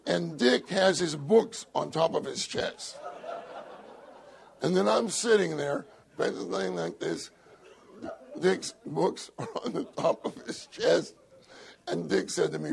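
An older man with a husky, gravelly voice, telling a humorous story in a sermon and laughing often. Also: on the high side, very animated, takes it slowly, long pauses. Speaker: church speaker.

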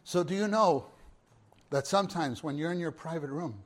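Preacher man, kinda high voice, goes from quiet murmur to loud bursts, repeats himself and asks the crowd questions. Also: normal speed. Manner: swings from hushed murmurs to loud exclamations. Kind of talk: sermon.

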